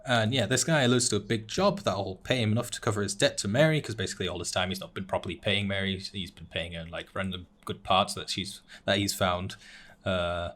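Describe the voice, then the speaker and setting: A man's voice: low voice, fairly quick, a bit bright. Chatty young man recapping anime plots. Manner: rambling recap with frequent "uh" and restarts, laughs at his own jokes. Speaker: podcast co-host recapping anime episodes. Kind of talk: casual chat.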